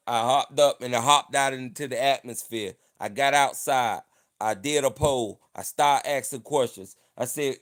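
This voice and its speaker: A man chatting live to his viewers in a playful, bragging manner, saying things twice and three times over. His voice sits in an ordinary middle range. It is loose, casual livestream talk. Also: mid-range voice. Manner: playful, repeats himself, boastful mock-campaign talk. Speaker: livestream host.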